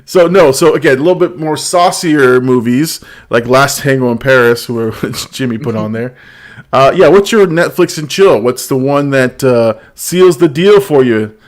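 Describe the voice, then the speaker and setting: A man's voice: medium pitch, expressive, normal speed. Man, live stream host, casual chat, laughs a lot, reads comments. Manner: laughs often while reading chat comments aloud. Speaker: show host.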